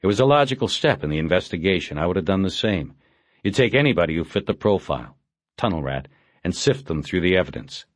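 Here the same dogged, sarcastic detective, voiced by a deep-voiced man, bears down in curt, dry lines, but the mood turns wry. His delivery is very animated and quick. Miking is close and dead, with no sense of a room.

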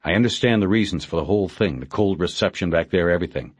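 Man doing a wry male detective, deep voice, dry close sound, pushy. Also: fast talker, husky, no echo. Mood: pressing.

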